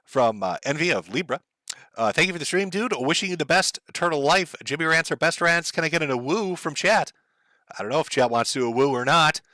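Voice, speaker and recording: A man's voice: a little high, lively intonation, brisk, pushed and bright, no echo. A man hosting a livestream, ranting in a profane, heated, sarcastic way and reading out viewer messages. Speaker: livestream host.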